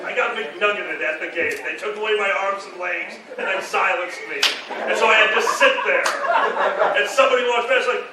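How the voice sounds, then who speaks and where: High-pitched guy cracking jokes on a panel, echoey room, lots of noise. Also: crowd noise. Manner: jokey, quick asides. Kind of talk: live convention panel chat. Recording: echoey hall, far from the mic, loud background noise.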